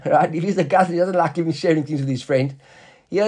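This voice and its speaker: High-pitched man teaching a Talmud class. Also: darkish tone, breathy edge. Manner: explains, quizzes the class with quick questions; reads the Aramaic text slowly, then paraphrases in English. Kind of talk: Talmud class, casual explanation.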